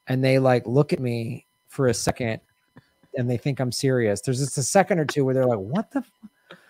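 A man's voice: a little high, dry recording. A man hosting a comedy quiz show, telling a road-trip story with lots of laughter. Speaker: game show host. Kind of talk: casual comedy podcast chat.

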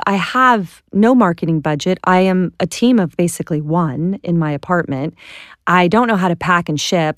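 A woman guest tells her stories with lively, self-deprecating energy and laughs easily along the way. Her voice sits a little low for a woman. The recording is close and dry, with no room sound. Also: no room sound. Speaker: entrepreneur guest. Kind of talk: animated storytelling in an interview.

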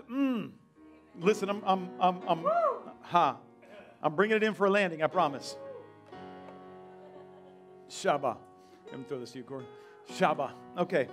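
A man's voice: fairly high pitch, lively intonation, unhurried, pauses often. A man preaching a fervent sermon as pastor, with playful asides to the congregation. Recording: live church with faint music and crowd.

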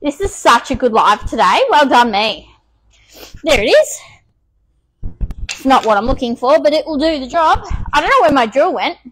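A woman's voice: sits high, big pitch swings, moderate pace, long pauses, a bit bright, low-quality recording. A woman with an Australian accent, out of breath, chatting casually with many ums while restoring furniture on a live stream.

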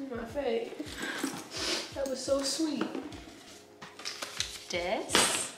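A woman vlogger chatting to the camera as she opens birthday gifts, gushing, excitable and quick to laugh. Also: on the high side, very noisy. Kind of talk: casual chat to camera. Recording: roomy echoey room.

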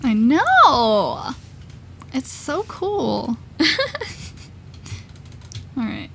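A woman's voice: fairly high pitch, big pitch swings, takes it slowly, gravelly, long pauses, fairly bright tone, slight background noise. A woman playing a video game, chatting casually, giggling and thinking aloud, easily startled. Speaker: gamer. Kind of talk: casual let's-play chat.

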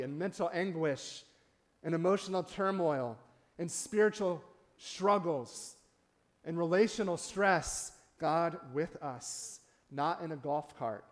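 Man preaching with a conversational lilt. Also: a little high. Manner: conversational preaching, frequent "right?" asides. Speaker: pastor. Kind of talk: sermon. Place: church sanctuary.

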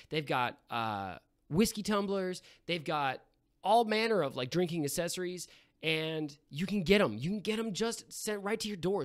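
A man's voice: on the high side, fairly bright tone. A man putting on a brash young fraternity bro reading a comedic sponsor plug, rambling and calling everyone bro. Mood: bro-ish hype. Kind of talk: comedic sponsor read in character.

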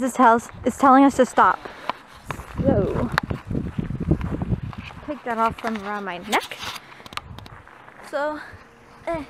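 A woman's voice: fairly high pitch, a bit bright, a little hiss or hum. A young woman vlogging on a handheld camera, chatting casually and cooing in baby talk to her pets. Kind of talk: casual handheld vlog chat.

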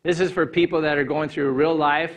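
A man pastoring a church congregation speaks into a handheld mic, his voice sitting somewhat high for a man. He is relaxed and playful, swinging from loud, lifted lines to low, quiet ones. He is middle-aged and preaches in a sanctuary. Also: brisk. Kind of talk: Easter sermon with a joke.

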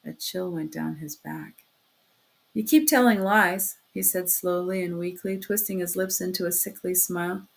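A woman narrating a classic novel as an audiobook in a steady, measured storytelling manner. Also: fairly low pitch, creaky. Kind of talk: audiobook reading.

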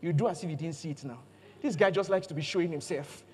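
A male preacher doing a mocking disciple, talking fast and teasing. His voice sits a little lower than the preacher's own. A long church-hall reverb trails every phrase. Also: darkish tone, slightly rough.

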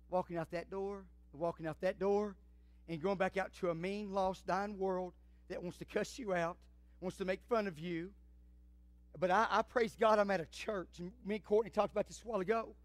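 A male pastor preaching with passion, rising into shouts. His voice sits very high for a man. The recording is close and dry, with little room sound. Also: no echo. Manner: impassioned, swells into shouting. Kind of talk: sermon.

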